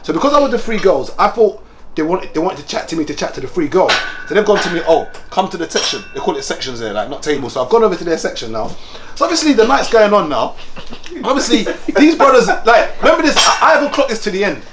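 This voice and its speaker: A man tells a story among friends, his voice high and lively, rising and falling constantly as he races along. He laughs his way through the tale, and faint noise hums underneath. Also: fast talker. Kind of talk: casual storytelling chat.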